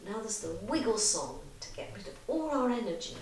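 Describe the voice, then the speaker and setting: A woman leading songs and actions for toddlers in a church service, talking and singing with lively energy. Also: on the high side, brisk, background noise. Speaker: children's church leader. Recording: echoey room from a distance with music.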